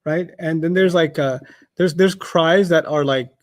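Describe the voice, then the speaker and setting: A man's voice: on the high side, a little slow. A man teaching an Arabic class over a video call, casual and playful, telling stories with exaggerated voices.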